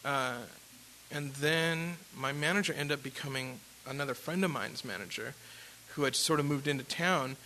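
Bright-voiced man telling a rambling story. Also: mid-range voice, normal speed, slight background noise, poor audio. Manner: rambling, animated, with fillers and laughs. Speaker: musician telling his story. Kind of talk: casual storytelling.

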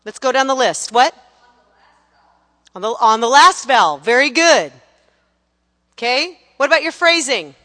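High, bright-voiced woman vocal coach. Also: unhurried, pauses often, in a large hall. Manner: energetic coaching, counting in and demonstrating sung phrases. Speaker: vocal teacher. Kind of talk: gospel singing lesson.

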